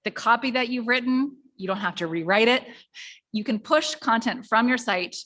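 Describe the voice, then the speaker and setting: A woman's voice: fairly high pitch, normal speed, a bit bright. A woman presenting a small-business workshop, speaking in an upbeat, conversational way and asking the audience questions.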